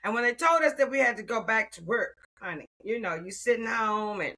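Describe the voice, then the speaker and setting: A woman in her sixties telling her story as an interview guest, expressive and calling the listener "honey.". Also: a little high, a little fast, low-quality recording. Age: 60s. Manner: expressive, warm endearments like "honey". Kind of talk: animated personal storytelling.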